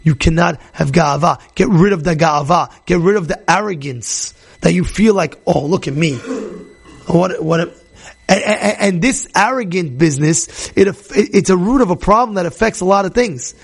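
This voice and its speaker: A man teaching a Torah class, animated, acting out characters and questioning his listeners. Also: sits high, moderate pace, creaky, husky. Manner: animated, acts out characters, asks the audience questions. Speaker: rabbi.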